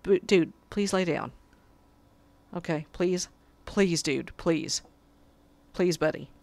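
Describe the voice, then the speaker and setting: A woman's voice: on the low side, slow, gravelly, darkish tone. A woman giving casual gameplay commentary, muttering to herself and pleading with her cat at her desk. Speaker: gamer.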